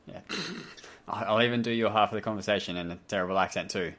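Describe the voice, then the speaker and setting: Talking fast in a fairly bright, lowish voice with fairly even intonation, this man hosts a podcast from home over a voice call. He has a light Australian accent and rambles casually into tangents that poke fun at himself.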